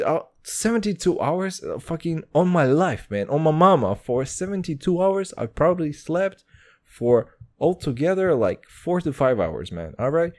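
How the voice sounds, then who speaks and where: A man's voice: on the high side, warm tone. A man in his twenties hosting a podcast alone, talking in a profane, rambling, slang-heavy casual monologue. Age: 20s. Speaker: podcast host.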